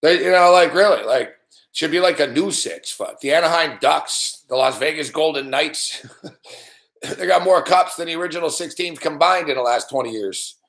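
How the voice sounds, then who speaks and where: A man's voice: fairly high pitch, moderate pace. A man hosting a live sports betting reaction stream, swearing and ranting at the games. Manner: profane, ranting, yells at the game. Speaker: host. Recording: echoey room.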